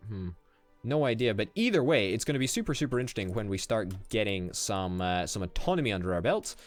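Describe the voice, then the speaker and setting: Young man, gaming commentary, lively swinging pitch, swears a lot, faint music underneath. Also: fast. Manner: excitable, swears often, thinks aloud. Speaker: gaming YouTuber. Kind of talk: casual strategy game commentary.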